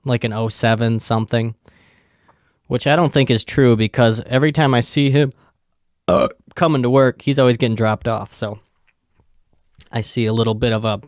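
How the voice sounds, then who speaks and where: Young guy rambling on his podcast, swears a lot, smooth clear voice, dry close mic. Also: medium pitch, fairly even intonation, normal speed, pauses often, darkish tone, dry recording. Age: young adult. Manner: rambling, crude, swears a lot, trails off with ums. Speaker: podcast host. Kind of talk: casual storytelling.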